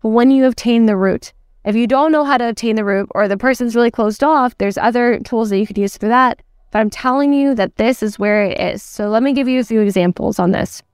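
Brief: female sales coach, emphatic and chatty, smooth voice, dry close sound. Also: a little high, fairly quick, a little mellow, no room sound. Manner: emphatic, chatty, lots of "like" and "okay?". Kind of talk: teaching lesson.

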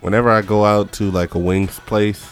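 A man co-hosting a podcast, talking in relaxed casual banter, laughing easily and trailing off mid-thought. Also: lowish voice, moderate pace, soft background music. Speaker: podcast co-host.

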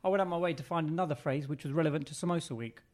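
A man co-hosting a podcast, chatting casually and haltingly with frequent restarts. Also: fairly high pitch, darkish tone. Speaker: podcast co-host.

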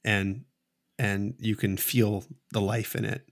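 Slow gravelly-voiced man narrating a game. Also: fairly low pitch, little pitch movement. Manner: slow, halting storytelling with many restarts. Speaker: game master.

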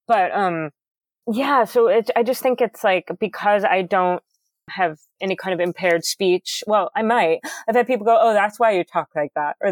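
With a booming, loud voice and precise enunciation, a middle-aged female guest talks openly in a relaxed interview. The audio has no echo.

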